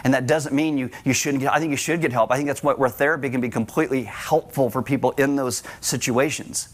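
A man's voice: medium pitch, fairly even intonation, quick pace. A middle-aged man preaching a sermon to a congregation, conversational, with joking asides. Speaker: pastor.

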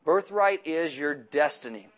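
A man giving a sermon, animated and jokey, mixing scripture reading with humorous asides. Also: fairly high pitch, unhurried. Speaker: pastor.

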